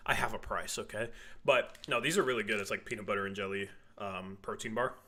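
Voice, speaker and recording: Hosting a relaxed live-streamed basketball postgame show, a Washington state man jokes and chats in a lowish, bright, forceful voice, speaking slightly quickly.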